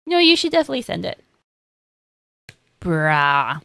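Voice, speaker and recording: Young woman, anime reaction host, casual slangy chat, acts out lines, unhurried, dry close sound. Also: mid-range voice, fairly bright tone, dry recording.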